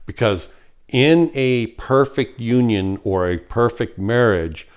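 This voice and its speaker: A man giving an earnest spiritual talk, slow and heartfelt, acting out quoted voices along the way. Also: mid-range voice, smooth. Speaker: spiritual teacher.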